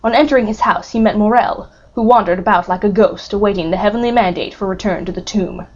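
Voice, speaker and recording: A woman's voice: mid-range voice, fast, a little mellow. Woman reading a classic novel aloud. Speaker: audiobook narrator. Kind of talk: audiobook narration. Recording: muffled lo-fi recording.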